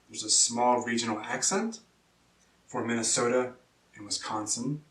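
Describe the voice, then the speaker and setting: A man from Kansas, teaching pronunciation in a slow lesson and repeating each word clearly. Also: mid-range voice, a bit bright. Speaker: English teacher. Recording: echoey room, distant mic.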